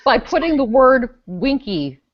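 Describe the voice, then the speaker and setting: A woman's voice: sits high, sing-song, a little slow, no room sound. A woman on a casual web panel show, presenting a news story with dry sarcasm as she reads comments aloud. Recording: dry, dull lo-fi video call audio.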